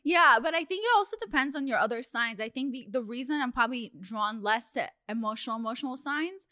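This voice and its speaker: Young woman host, chatty and supportive, higher bright voice, dry close recording. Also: animated, fast, no echo. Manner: chatty and affirming. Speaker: podcast host. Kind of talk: casual chat.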